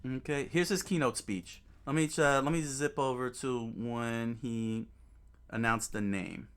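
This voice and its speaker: A man's voice: mid-range voice, fairly even intonation, measured pace, a bit bright, smooth. A man hosting a gaming channel, chatting casually and emphatically, repeating himself and restarting sentences often. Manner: emphatic and repetitive, with many restarts and fillers. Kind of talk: casual commentary while browsing clips.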